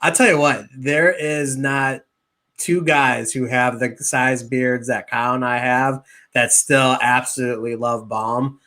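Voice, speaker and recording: A male podcast co-host with a bright, forward tone and a middle pitch. He chats casually and welcomes listeners in a friendly way. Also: little pitch movement, a little slow.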